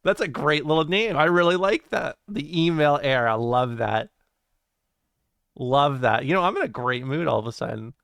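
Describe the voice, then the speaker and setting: Reading chat on a casual livestream, this man jokes, swears plenty and laughs often. His voice is a little high, animated and creaky, at a moderate pace, fairly bright and clean in a dry recording.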